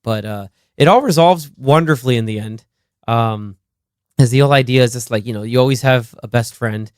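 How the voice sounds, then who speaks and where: A man in the middle of a movie podcast chat, at an ordinary pitch, recorded dry and close. He recounts scenes with lots of energy, breaking into laughs and little impressions of the characters. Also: brisk, clear, resonant tone, no echo. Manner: animated, laughing, acts out quotes. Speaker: podcast co-host. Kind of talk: casual movie discussion.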